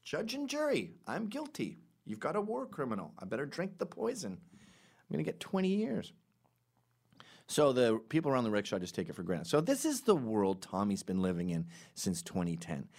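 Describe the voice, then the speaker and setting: Lively animated man hosting a podcast. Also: medium pitch, normal speed. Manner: animated storytelling with sarcastic asides. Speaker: podcast host. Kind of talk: casual podcast monologue.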